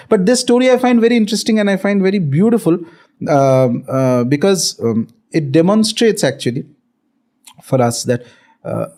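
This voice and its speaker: A man's voice: sits high, dark tone. A man with an Indian accent, a spiritual teacher explaining and telling a story in a conversation, often checking in with "okay".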